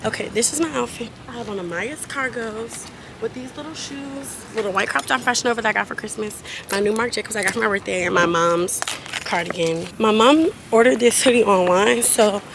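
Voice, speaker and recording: Teen girl vlogger, chatty, slightly high voice, noisy handheld camera sound. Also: brisk, vocal fry. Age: teens. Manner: chatty, animated, addresses viewers as y'all. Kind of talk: casual vlog chat to viewers. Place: in a car and around a shopping area. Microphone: handheld vlog camera. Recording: noisy handheld vlog recording.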